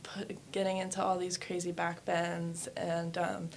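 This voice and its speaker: Gravelly low-voiced woman telling her story. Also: level tone, unhurried, a little hiss or hum. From New Hampshire and West Virginia. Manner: candid, storytelling, many fillers. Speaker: guest, yoga studio owner. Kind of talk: casual interview.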